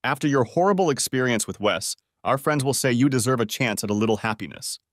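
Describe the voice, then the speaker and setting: A man narrating an audiobook, voicing a manipulative male lover in a low, curt voice. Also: fast, dry recording, studio quality, natural voice. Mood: scheming.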